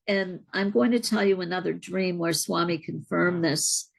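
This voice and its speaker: A woman's voice: fairly low pitch, fairly even intonation, creaky. A middle-aged woman, an interview guest, earnestly recounting a personal spiritual experience in a reflective way. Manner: earnest, reflective, unhurried storyteller.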